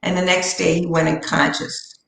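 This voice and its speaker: A middle-aged woman, a guest in an interview, telling personal stories in an earnest, heartfelt way and slowing down for emphasis. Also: lowish voice, level tone, gravelly, over loud music. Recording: roomy echo.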